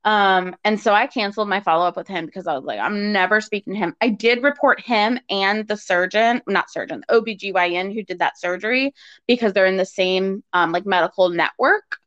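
A woman of average pitch recounts her own experience in a lively conversational way, slipping into the voices of the people she quotes and dotting her speech with fillers. The recording is slightly dull and lo-fi. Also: a little fast. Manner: animated, acts out quoted dialogue with fillers. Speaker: guest telling her story. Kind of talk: conversational personal storytelling.

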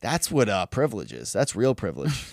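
A young man in his twenties co-hosting a casual podcast, reacting with swearing and quick laughs as he riffs. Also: lowish voice, wildly swooping pitch, vocal fry, dry recording, studio quality. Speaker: podcast co-host. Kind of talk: casual chat.

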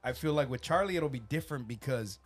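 A man's voice: mid-range voice, quick pace, soft background music. A man in his thirties hosting a casual podcast, swearing freely and telling family stories in a loose, rambling way. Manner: swears constantly, animated storytelling with acted-out quotes. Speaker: podcast host.

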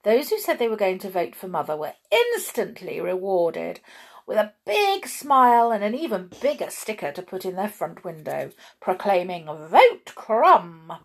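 A woman reading a children's book aloud chapter by chapter, expressive, with chatty asides to her listeners. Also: mid-range voice, normal speed. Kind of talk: storybook read-aloud.

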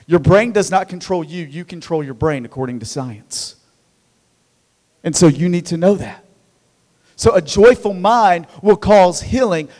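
A high-pitched man in his thirties preaches to his church with lively, conversational energy. He stumbles and repeats himself as he gets going. His voice rings with the long reverb of a large hall. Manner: energetic, conversational, repeats words when excited. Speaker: pastor. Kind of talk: sermon.

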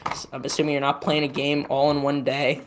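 This co-host talks casually on a podcast at a mid-range pitch. The talk wanders and leans on "like" fillers, with frequent restarts and self-corrections. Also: little pitch movement, a little fast, a little hiss or hum. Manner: rambling, with many "like" fillers and restarts. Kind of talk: casual chat.

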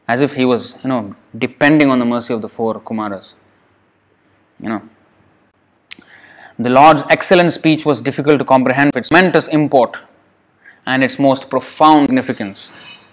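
Man reading and expounding scripture. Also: mid-range voice. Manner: reads passages then explains them with rhetorical questions and laughs; frequent fillers and restarts, emphatic. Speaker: scripture teacher. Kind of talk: scripture reading with sermon commentary.

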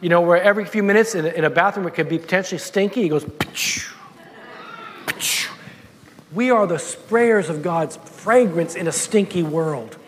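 A man's voice: high-pitched, fairly quick, hardly any pauses, long reverb tail, a little hiss or hum. A man preaching a sermon, telling a personal story with many repeated words and restarts.

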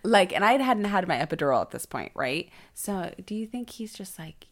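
A woman's voice: fairly low pitch, normal speed. A young woman co-hosting a podcast, telling stories in casual chat and animatedly acting out the people in them. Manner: animated storyteller, acts out quoted people. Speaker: podcast co-host.

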